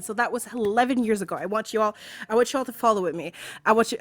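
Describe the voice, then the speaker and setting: Fast and fairly high-pitched, a woman at home vents furiously to her stream chat, cursing, being sarcastic and hammering her points through repetition. There's no echo, and soft music plays in the background.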